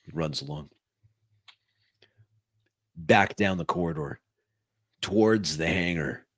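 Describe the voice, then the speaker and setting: A man narrating as game master of a tabletop game, in a lowish voice at an unhurried pace. His descriptions come across measured and the sound is dry and close. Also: lively intonation, creaky, a bit bright, husky, dry recording.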